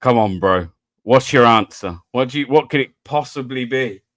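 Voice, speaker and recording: A man's voice: mid-range voice, fairly bright tone, no echo. Laughing, swearing British man hosting a quiz. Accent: British English. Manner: laughs a lot, swears casually, reads riddles slowly. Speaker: livestream quiz host. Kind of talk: casual livestream chat.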